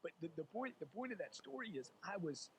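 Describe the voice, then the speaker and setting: Emphatic fast-talking sales speaker, a man. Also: fairly high pitch, very animated, a little hiss or hum, poor audio. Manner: emphatic, acts out quoted voices, calls listener dude. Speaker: sales author and guest. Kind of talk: animated motivational interview talk.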